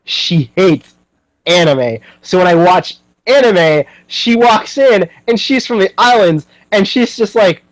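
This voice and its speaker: A man's voice: sits high, animated, slow, dry recording, low-quality recording. A young man hosting a podcast, chatting casually and animatedly, with lots of fillers and frequent laughter. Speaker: podcast host.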